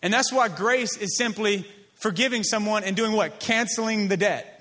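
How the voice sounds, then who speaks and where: A man, a pastor, preaching a sermon in an emphatic, repetitive cadence, dropping to a soft, slow voice on key lines. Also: high voice.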